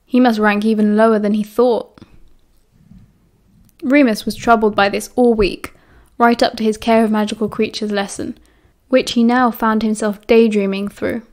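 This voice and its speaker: A woman with a British accent narrates an audiobook with a calm, steady flow. Her voice sits a little higher than most women's. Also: moderate pace. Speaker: audiobook reader.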